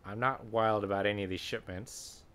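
A man gives a let's-play commentary in a lowish voice. He sounds chatty and wry, thinking aloud and pausing on ums as he shops and sorts gear. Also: steady tone, a bit bright, smooth. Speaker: gaming channel host.

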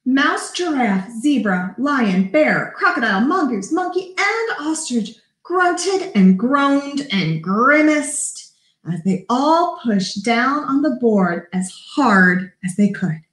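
Lady librarian reading a kids' story, slow and bouncy, kinda high voice, echoey room. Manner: animated, does character voices, pauses to talk to kids. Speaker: children's librarian. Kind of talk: storybook read-aloud.

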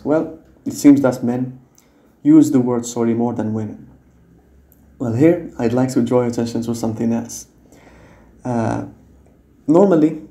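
A man with a very dark, mellow tone walks the viewer through a tutorial. He explains patiently and keeps checking that the listener is following. English is not his first language, and his voice sits in a roomy, echoey space. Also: medium pitch. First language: non-native English speaker. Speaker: teacher. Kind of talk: screen-recorded tutorial.

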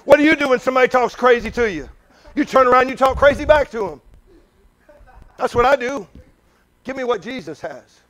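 This preacher's voice is very high and animated, a little fast, with frequent pauses. He talks to his congregation conversationally, asking many questions and switching between loud urgency and quiet asides.

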